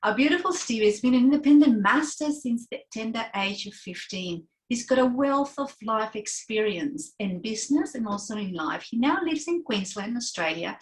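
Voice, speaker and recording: A woman's voice: fairly high pitch, poor audio. A woman hosting a webinar, introducing a guest with effusive praise. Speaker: webinar host.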